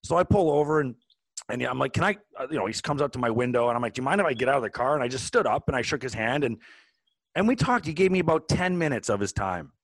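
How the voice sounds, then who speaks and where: Forties male co-host, casual storyteller with frequent restarts, mid pitch, dry close-miked sound. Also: quick pace, dry recording. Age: 40s. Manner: animated, rambling with many restarts. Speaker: podcast co-host.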